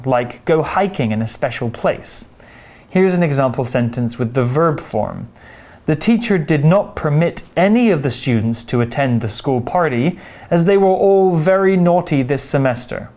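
A man teaching English vocabulary, explaining words slowly and carefully with example sentences. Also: fairly high pitch, darkish tone. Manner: slow, careful, clear explanations.

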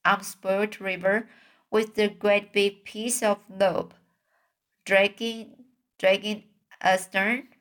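A woman's voice: medium pitch, level tone, takes it slowly, pauses often, a bit bright. A woman voicing a small, fussy mouse boy who is heartbroken, reading his lines aloud from a storybook in her own everyday voice. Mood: despairing.

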